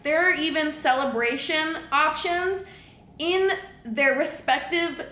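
A woman's voice: sits high, slow, sharp tone, slight background noise. A young woman co-hosting a podcast, chatting casually and animatedly. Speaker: podcast co-host. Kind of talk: casual chat. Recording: echoey room.

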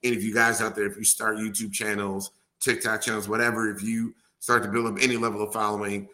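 A man's voice: fairly low pitch, flat delivery, quick pace, a crowd in the background. A man hosting a casual podcast chat, laid-back and laughing easily, with casual swearing. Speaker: podcast host.

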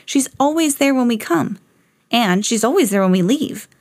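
A curious, confident little schoolgirl from a picture book, as a mother reads her lines. She sounds a touch high and lively, earnest and sure of her ideas, in a dry, close sound. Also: moderate pace, dry recording.

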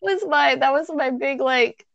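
A woman telling a childhood story in casual chat, animated, acting out the people in it with squeaky high voices and laughing at herself. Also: a little slow, vocal fry, dry recording, lo-fi sound. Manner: self-mocking, laughs while telling.

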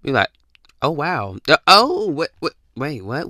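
A man's voice: on the high side, sing-song, moderate pace, pushed and bright, no room sound. A man hosting a casual comedic podcast rant, talking close to the mic and acting out confused texters in jumpy voices. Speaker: podcast host.

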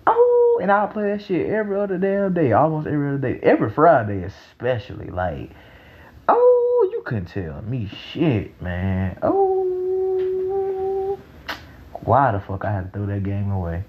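A young man talking in a casual, rambling monologue, excitable and profane, breaking into loud laughs. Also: a little high, a little slow, narrow, tinny audio, slight background noise. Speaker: vlogger.

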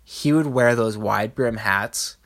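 A man's voice: fairly low pitch, slow, fairly bright tone. A man hosting a solo comedy podcast, rambling crudely with lots of swearing and laughter. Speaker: podcast host.

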